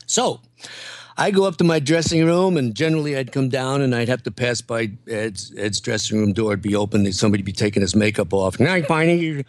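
A man's voice: medium pitch, brisk, no room sound. An older man, a comedian, telling backstage stories in an interview and slipping into impressions. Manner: animated, slips into impressions and voices. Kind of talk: anecdotal storytelling in an interview.

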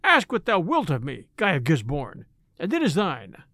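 A man's voice: on the high side, wildly swooping pitch, normal speed, creaky, pushed and bright, no echo, clean studio sound, exaggerated voice. A man voicing a scheming, gloating sheriff in a storybook reading. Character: scheming gloating male sheriff, middle-aged.

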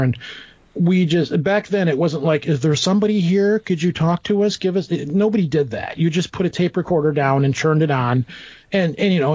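A middle-aged man with a slightly high voice tells a rambling personal story, slipping into the voices of people he quotes. The recording sounds dull and lo-fi, with a dry, close sound. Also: a little mellow, dry recording. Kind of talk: casual storytelling.

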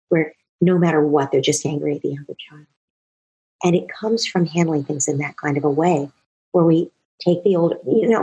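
A middle-aged woman with a deep, heavily husky voice, speaking as an expert guest in an interview. She explains patiently and earnestly, building her points through examples. Her tone stays low and breathy throughout. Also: a little mellow, low-quality recording.

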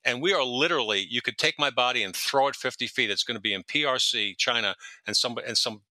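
Bright, dry-voiced New man spinning stories. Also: medium pitch, fast talker, no room sound. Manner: rambling, self-correcting, jumps around in time. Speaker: podcast guest, retired police detective. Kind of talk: storytelling in a casual interview.

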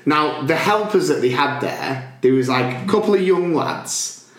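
A man's voice: on the high side, animated, unhurried. A man co-hosting a podcast, telling stories animatedly in casual chat and laughing often. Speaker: podcast co-host. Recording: roomy echo.

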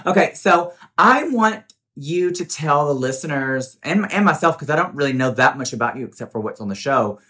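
A man hosting a podcast as a drag queen, chatty and animated, laughing often. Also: a little high, normal speed, few pauses. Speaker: podcast host. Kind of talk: casual chat.

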